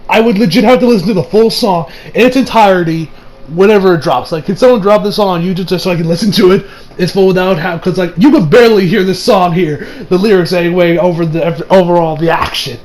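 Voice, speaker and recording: A young man casually reviewing an anime episode, excitable and profane, laughing often. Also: high-pitched, fast talker.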